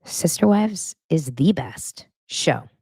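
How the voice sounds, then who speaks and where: A woman's voice: deep voice, animated, takes it slowly, gravelly, warm tone, slightly rough, dry recording, studio quality. A woman hosting a podcast, recapping reality TV in a blunt, sarcastic, casual way. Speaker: podcast host.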